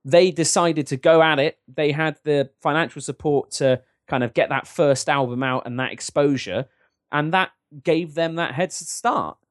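A man's voice: on the high side, moderate pace, no room sound, studio quality. A man co-hosting a podcast, rambling and joking with lots of restarts. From England. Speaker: podcast co-host. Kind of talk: casual advice-show chat.

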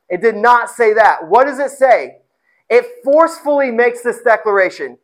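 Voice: mid-range voice, expressive, normal speed, low-quality recording. A pastor preaching a sermon with emphasis, often repeating phrases and asking the congregation rhetorical questions.

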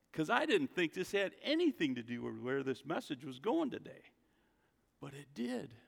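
A man's voice: high-pitched, creaky, a bit bright. A man preaching a casual sermon, talking conversationally and calling on the congregation to repeat after him. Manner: conversational, calls for congregation responses. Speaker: pastor. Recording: echoey hall.

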